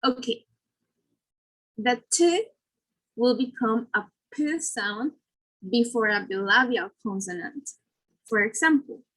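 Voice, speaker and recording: A woman's voice: fairly high pitch, fairly bright tone, rough recording. A woman presenting a lesson, explaining step by step with fillers and self-corrections. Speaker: student presenter.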